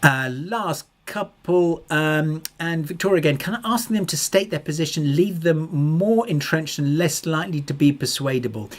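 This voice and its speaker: A man's voice: a little high, expressive, moderate pace, hardly any pauses. A man presenting a webinar, answering audience questions in a hesitant way, with many restarts. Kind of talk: live webinar Q&A.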